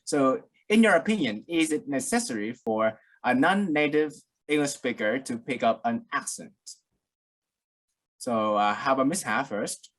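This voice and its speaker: A man's voice: mid-range voice, expressive, unhurried, fairly bright tone. A man moderating a webinar panel, polite, with frequent uhs.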